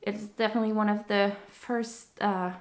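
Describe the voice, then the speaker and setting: At a moderate pace, the podcast host speaks with a medium pitch that barely moves. Her casual chat is breathless and rambling, peppered with fillers and restarts.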